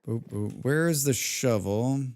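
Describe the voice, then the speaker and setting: Young man, game streamer, smooth clear voice, excitable, hums and mutters, swears. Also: medium pitch, unhurried. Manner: excitable, talks to himself, hums and mutters while playing; swears often. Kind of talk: live gameplay commentary.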